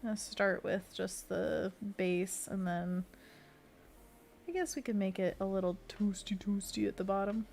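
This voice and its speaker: On a relaxed livestream of her sketching, a woman illustrator talks as she works, voices chat comments aloud and makes tiny sound effects. She has a mid-range, gravelly voice with a somewhat dark tone and a slightly slow delivery.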